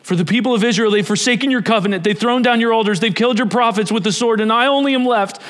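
A man preaching, voicing the weary prophet Elijah in a pleading, urgent tone that climbs higher. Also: takes it slowly. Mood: desperate. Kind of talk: sermon Bible reading.

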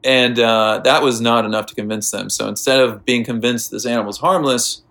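A man's voice: medium pitch, steady tone, moderate pace, creaky, fairly bright tone. An American man telling a rambling story in casual chat, full of fillers and restarts. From United States.

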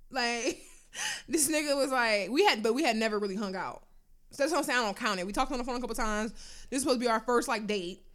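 A young woman with a bright, forceful voice pitched a little high tells a story in loose, casual chat. She talks in an animated way and swears freely.

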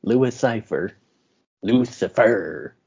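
A man's voice: fairly low pitch, drawn-out words, creaky, dark tone, slightly rough, dull audio. A man co-hosting a film podcast, casually recapping a plot with easy laughs. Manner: laid-back, laughing storyteller.

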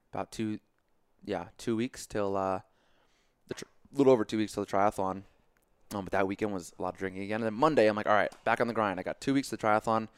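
A young man with a low, smooth voice tells a story in casual podcast chat. He talks in an animated way, swears freely and acts out his own reactions. The sound is dry and close. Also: dry recording. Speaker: podcast guest.

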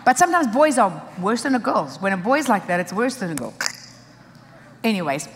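A woman's voice: medium pitch, sing-song, fairly quick, a little hiss or hum. Emphatic woman preacher in a reverberant hall. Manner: emphatic, preaching in short repeated phrases. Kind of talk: sermon.

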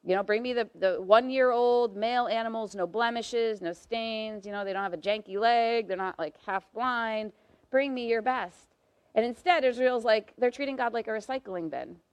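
A woman preaching a church sermon, animated, acting out quoted speakers with sudden rises in pitch and volume. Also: normal speed, few pauses, dry recording. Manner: lively, voices quoted figures with rising pitch and volume.

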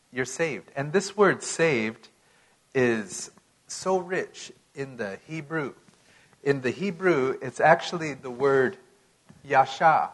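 A man preaching a sermon in an unhurried, emphatic way, his volume swinging from loud to soft. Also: medium pitch, low-quality recording.

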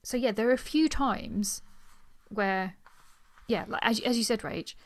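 A woman's voice: on the high side, a little slow. A woman co-hosting a podcast, talking about a novel in a wry, teasing way. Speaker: book podcast co-host. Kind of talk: casual book discussion.

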